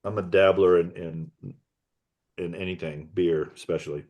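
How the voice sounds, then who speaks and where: Man, musician guest, low voice, middle-aged, laughs a lot, casual chat. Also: steady tone, normal speed, darkish tone, lo-fi sound. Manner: jokey, laughs often, teasing.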